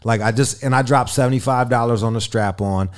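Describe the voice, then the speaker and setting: A man's voice: mid-range voice, brisk, clean tone. Profane, rambling storyteller man. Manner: profane, rambling, lots of fillers; animated comic storytelling. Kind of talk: casual podcast storytelling.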